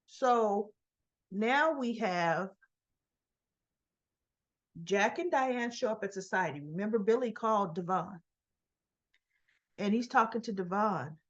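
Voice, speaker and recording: A woman retells a soap episode in a relaxed, unhurried way. She drops into the characters' lines and adds chatty asides. The recording sounds a little dull and lo-fi. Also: medium pitch. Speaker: soap opera recap host. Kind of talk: casual retelling of episode scenes.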